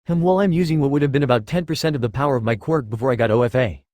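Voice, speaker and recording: Guy reading as a cocky young swordsman who swears a lot, rattles it off fast, dry close sound. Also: medium pitch, a little mellow, no echo, lightly acted. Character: young male swordsman hero, blunt and profane.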